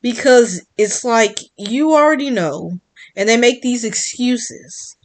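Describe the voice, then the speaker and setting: A woman's voice: fairly high pitch, expressive, slow. A woman giving a blunt, defiant monologue as a vlogger, repeating her points from the United States. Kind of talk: emphatic monologue.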